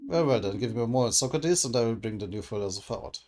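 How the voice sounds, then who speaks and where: A man's voice: medium pitch, lively intonation, very fast, darkish tone, close to an everyday voice. A man voicing a grave, all-knowing male arbiter of philosophers in a game, in a solemn storytelling delivery. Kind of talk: reading game dialogue aloud.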